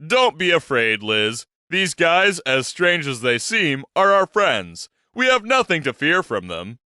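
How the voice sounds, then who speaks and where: A man voicing a cheerful, self-assured adventurous man who speaks calmly and with confidence. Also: fairly high pitch, measured pace, dry recording, clean studio sound, full character voice. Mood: calm, upbeat.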